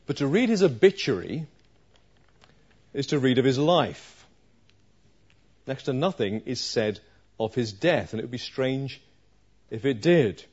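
A man preaching a sermon, slow and emphatic, with dramatic pauses. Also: medium pitch, animated, darkish tone, breathy edge, lo-fi sound.

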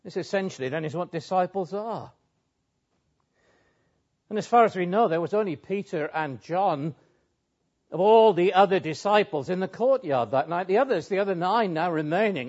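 Male preacher, earnest and emphatic sermon delivery, slightly high voice, muffled lo-fi sound. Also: animated, normal speed, a little mellow. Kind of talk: expository sermon. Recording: dull lo-fi sound.

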